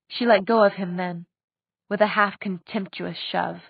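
A woman reading an audiobook in a steady, expressive narration. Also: medium pitch, normal speed, creaky, breathy edge, dry recording. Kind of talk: scripted narration. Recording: dry tinny phone-like sound.

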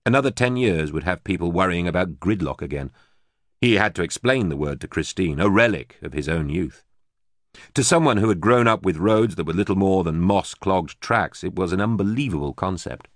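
Reading from a script, a male audiobook narrator tells the story in an even, measured way with a low voice. There's no room sound, and the audio has studio quality.

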